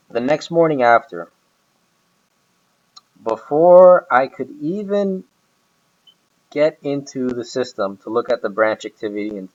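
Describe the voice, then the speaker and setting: A man's voice: lowish voice, highs cut off. A man talking casually about his boss, rambling with many hesitations and restarts. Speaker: employee describing his boss. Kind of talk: casual recorded conversation.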